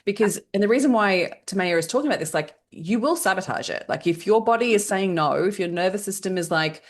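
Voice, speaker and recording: A woman hosting a podcast interview, affirming her guest and asking reflective, measured questions. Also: medium pitch, expressive. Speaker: podcast host.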